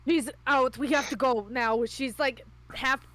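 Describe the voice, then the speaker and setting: A woman playing a tabletop game, excitable and cursing freely as she talks. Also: sits high, unhurried, dry recording, poor audio. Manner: profane, excitable. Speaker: player.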